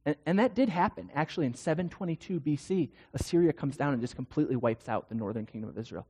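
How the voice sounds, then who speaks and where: A man's voice: a little high, animated, quick pace, hardly any pauses, dark tone, slightly rough. A male pastor preaching a sermon in a conversational way, often asking the congregation rhetorical questions. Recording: long hall reverb.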